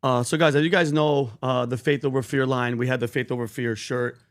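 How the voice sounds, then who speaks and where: A man's voice: mid-range voice, fairly even intonation, fairly quick. A man co-hosting a podcast panel in casual chat, retelling scripture with fervent, preachy emphasis. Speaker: podcast co-host.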